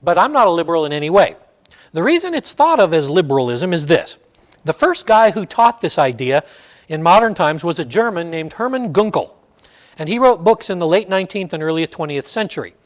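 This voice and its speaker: A man's voice: on the high side, very animated, fairly quick. A middle-aged man teaching a Sunday school class, asking the class questions and telling stories. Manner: storytelling, asks the class questions.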